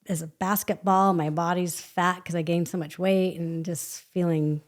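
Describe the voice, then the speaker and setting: Woman, lowish voice, animated storytelling, laughs often, acts out voices. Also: moderate pace. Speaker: guest. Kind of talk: conversational storytelling.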